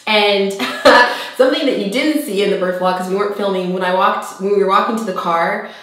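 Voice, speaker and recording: A young woman vlogger telling a personal story to camera in a casual, chatty way, jumping up high when she acts out quoted lines. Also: a little fast, fairly bright tone. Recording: very echoey room.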